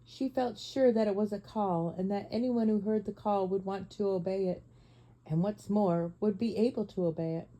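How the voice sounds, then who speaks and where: Woman reading a story, very mellow voice. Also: mid-range voice, poor audio. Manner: measured, expressive storytelling. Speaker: audiobook narrator. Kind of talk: audiobook reading.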